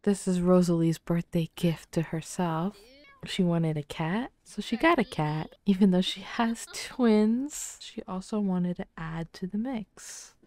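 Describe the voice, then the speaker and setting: A soft-spoken woman narrating a game playthrough in casual commentary. Her voice is low, mellow and unhurried, and she often drops into near-whispers. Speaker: let's play host.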